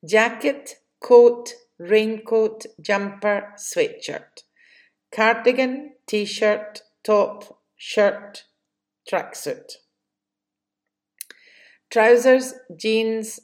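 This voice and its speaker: A woman with a Spanish accent teaching English vocabulary, slowly reading questions and answers in drills. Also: on the high side. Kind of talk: slow vocabulary lesson.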